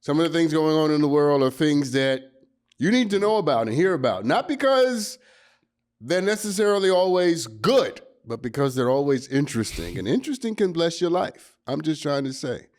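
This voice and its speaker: A man hosting a podcast in casual chat, animated and quick to laugh, often repeating himself as he warms up. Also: fairly high pitch. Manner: animated, laughs readily, stumbles into repeats when excited. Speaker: podcast host.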